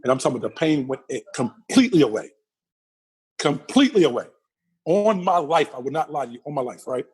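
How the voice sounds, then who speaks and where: A husky, slightly high-voiced middle-aged man talks at a rapid clip as an interview guest. He tells his stories vividly, repeating phrases for emphasis and acting out the people in them. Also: big pitch swings, a little mellow. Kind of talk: animated storytelling in a casual interview.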